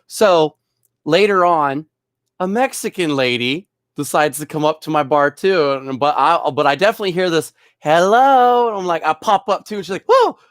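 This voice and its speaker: A man's voice: on the high side, moderate pace, fairly bright tone, no echo, studio quality. A young man, a bartender, telling rambling stories from work in a casual way, often chuckling. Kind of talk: casual storytelling.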